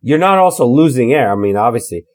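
A laid-back man co-hosting a podcast in casual chat. His voice has an ordinary middle pitch. He draws out his points with fillers and restarts. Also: animated, fast. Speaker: podcast co-host.

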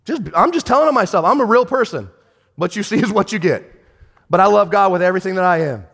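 A man pastor preaching a sermon, swinging from shouted rebukes to hushed, tender storytelling. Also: high-pitched, animated, fast, vocal fry. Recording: long hall reverb.

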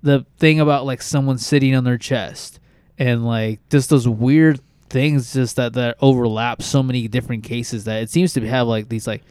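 A man's voice: mid-range voice, fairly even intonation, moderate pace, a little mellow, clear, resonant tone, dry recording. A young man co-hosting a podcast, talking casually and loosely, swearing often and filling his talk with "like" and "dude". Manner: laid-back, swears a lot, says "like" and "dude" constantly. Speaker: podcast co-host.

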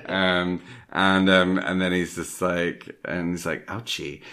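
A man's voice: low-pitched, flat delivery, takes it slowly, bright, forceful tone, slight background noise. A man in casual chat, retelling a film plot in a rambling way, full of fillers and little acted-out quotes. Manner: acts out lines of the film.

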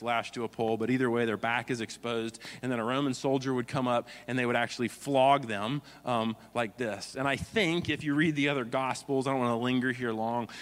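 Pastor preaching, earnest, reads scripture, long hall echo. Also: male voice, mid-range voice, fairly bright tone. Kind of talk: sermon.

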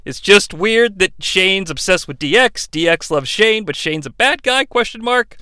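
A man's voice: high-pitched, lively intonation, moderate pace, pushed and bright, clean tone, dry recording. A man hosting a comedic wrestling recap podcast, sarcastic and profane. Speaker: podcast host.

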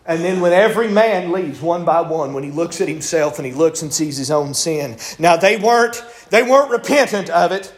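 A man preaching a sermon in a folksy storytelling manner, acting out voices and building to shouts. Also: on the high side, normal speed, few pauses.

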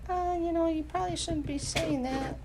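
A woman voicing the Holy Spirit as a gentle, kind male spirit who speaks very quietly and tenderly. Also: high-pitched, animated, moderate pace, background noise, voice pushed up.

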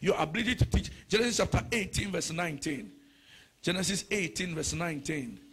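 A man preaching a sermon, moving from shouted, sing-song prayer to conversational teaching full of rhetorical questions. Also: fairly high pitch, animated, brisk, husky. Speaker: pastor.

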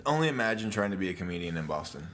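A man's voice: low-pitched, very animated, very fast, a crowd in the background. A young man in goofy, playful, profane banter as a podcast co-host. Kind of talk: casual chat.

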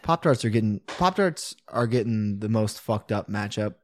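A man's voice: lowish voice, expressive, normal speed, no room sound. A young man co-hosting a podcast, chatty and enthusiastic, swearing freely. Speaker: podcast co-host. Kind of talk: casual podcast banter.

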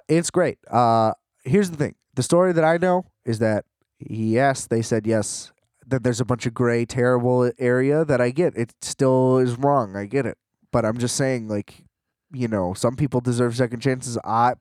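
A man hosting a podcast, delivering a casual comedic monologue with rambling, profane, animated ranting. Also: mid-range voice, no echo, studio quality.

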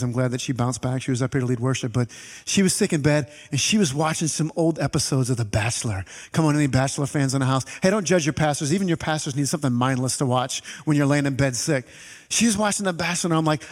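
High-voiced pastor preaching in a reverberant hall. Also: male voice, fast. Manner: animated, conversational preaching with audience asides. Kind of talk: sermon. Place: church sanctuary. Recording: reverberant hall with faint music.

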